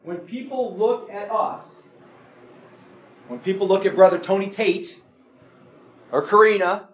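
A man's voice: sits high, a little slow, a little hiss or hum. A man preaching a sermon in a church, plain-spoken and earnest, asking his listeners pointed questions. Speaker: pastor.

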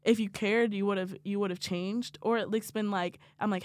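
A woman co-hosting a casual chat, blunt and swearing freely, acting out quotes in quick asides. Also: mid-range voice, no echo. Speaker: podcast co-host.

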